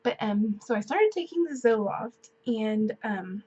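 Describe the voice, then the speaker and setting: A woman's voice: on the high side, animated, a little slow, warm tone, slightly rough, muffled recording. A woman in her twenties telling a personal story to camera in a chatty, casual way, full of fillers like "like" and "um". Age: 20s. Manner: chatty, filler-heavy, many "like"s and "um"s. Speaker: vlogger.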